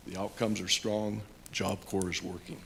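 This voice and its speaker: Deep-voiced man giving public comment. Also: level tone, vocal fry, a little hiss or hum. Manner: halting, with many fillers and restarts. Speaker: public commenter, union carpenter instructor. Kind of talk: public comment at a council meeting.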